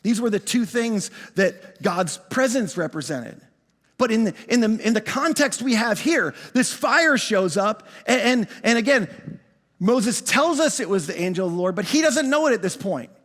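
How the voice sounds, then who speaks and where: A man preaching a sermon, emphatic and full of repetitions, slowing right down to stress key phrases and sometimes calling out to the congregation. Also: high voice, lively intonation, a bit bright, in a large hall. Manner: emphatic, repeats words, slows down on key phrases. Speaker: pastor.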